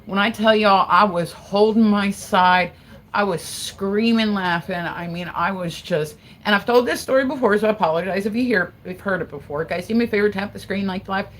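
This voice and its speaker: A woman from Delaware chats on a casual livestream in a mid-pitched voice. She rambles, jumps between stories and swears freely. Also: fairly quick, low-quality recording. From Delaware, USA. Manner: profane, rambling, animated. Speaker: livestream host.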